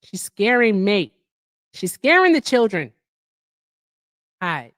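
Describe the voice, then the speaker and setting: A woman's voice: mid-range voice, big pitch swings, slow, a bit bright, no echo, clean studio sound. A woman hosting a livestream in casual chat, chatty and effusive as she thanks her viewers. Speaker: livestream host.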